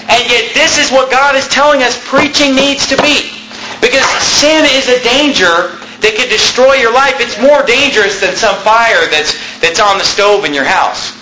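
A man preaching with a bright, high voice that leaps up and down in pitch. He yells his sermon as a pastor, and the sound rings around an echoey room. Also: slight background noise. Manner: loud, shouting preaching.

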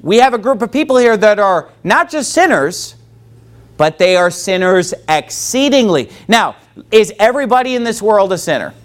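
A man's voice: high voice, sing-song, moderate pace. A man preaching a sermon as pastor, quoting scripture and asking the congregation questions. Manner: preaching with call-and-response from the congregation.

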